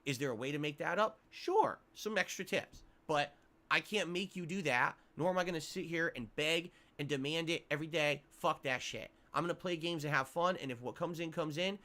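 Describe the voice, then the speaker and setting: A man's voice: on the high side, normal speed, sharp tone. A male streamer venting to his viewers on a livestream, angry and profane, repeating himself as he rants.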